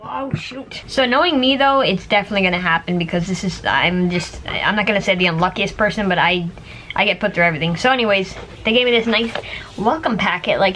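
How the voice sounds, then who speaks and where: A woman talks straight to her viewers in a loose, rambling vlog style. Her voice sits at an ordinary middle pitch, and she peppers her sentences with fillers and small laughs. A faint hum runs underneath. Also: fairly quick, a bit bright. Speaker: vlogger. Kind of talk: casual chat to camera.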